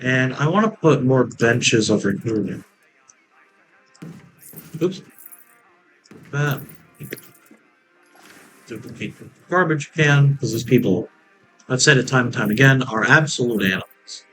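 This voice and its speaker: A man's voice: mid-range voice, animated, slow, pauses often, a bit bright, soft background music, low-quality recording. A man giving casual, rambling commentary while he plays a theme park building game, joking and laughing at his own jokes. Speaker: let's play gamer.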